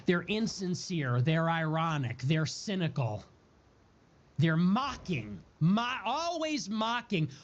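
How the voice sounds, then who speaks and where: A man's voice: on the high side, big pitch swings, slow. A man giving a heated political monologue, repeating and stacking words in a building rhythm, with profane outbursts. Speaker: political streamer. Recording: dull lo-fi audio.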